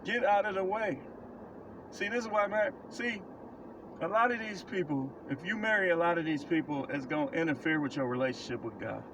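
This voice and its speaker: Calling himself a prophet, a man gives life advice to camera in a casual preaching monologue, blunt and emphatic, repeating phrases for stress. His voice is fairly high and brisk, with a noisy background.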